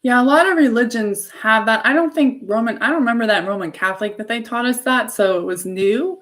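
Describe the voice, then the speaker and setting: Speaking a little fast in a slightly high, somewhat bright voice, a woman hosts a live show. She shares a story earnestly, effusively, and casually, as part of a laid-back spiritual live-stream talk.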